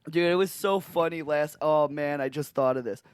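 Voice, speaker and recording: A man's voice: on the high side, moderate pace, clear, resonant tone, no echo, studio quality. A man co-hosting a comedy podcast, rambling and giggling through crude casual chat. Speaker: podcast co-host. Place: podcast studio.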